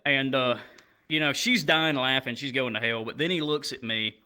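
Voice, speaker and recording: A young man doing crude, animated stand-up storytelling that jumps up into loud shouts. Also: mid-range voice, moderate pace, clean tone. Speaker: stand-up comedian.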